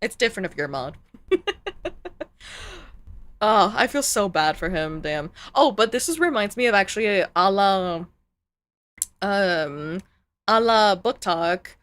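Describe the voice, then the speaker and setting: Bright sharp-toned streamer lady going off in a heated rant, lots of swearing. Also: medium pitch, animated, unhurried, pauses often. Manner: heated and ranting; swears freely. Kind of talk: casual live-stream chat.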